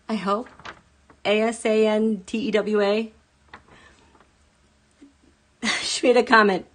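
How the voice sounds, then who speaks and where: A woman hosting a casual live tarot stream, chatty and animated, often laughing and jumping up into high exclaims. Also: moderate pace. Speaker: tarot reader host.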